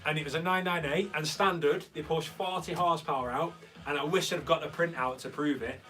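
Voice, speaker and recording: A young man hosting a relaxed live stream, rambling through stories and reading out viewer comments as he answers them. He sits a bit back from the microphone, and faint guitar music plays in the background of the room. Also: on the high side, fairly quick. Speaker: host. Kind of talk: casual live-stream chat. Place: converted recording studio room. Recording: slightly distant mic with faint guitar music.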